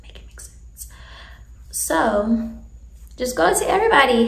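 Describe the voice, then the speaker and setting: Candid chatty young woman, gravelly voice. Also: high voice, big pitch swings, a little slow, pauses often, reverberant, slight background noise. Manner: candid, chatty, laughs often. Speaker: vlogger giving advice. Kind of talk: casual advice chat.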